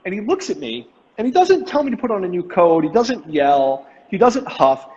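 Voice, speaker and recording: A man hosting a casual live-stream chat, talking in loose, rambling runs full of fillers and restarts. His voice sits a little high, and it comes through a dull, lo-fi video call with a long reverb tail and faint hiss. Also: very animated, normal speed, warm tone. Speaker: host.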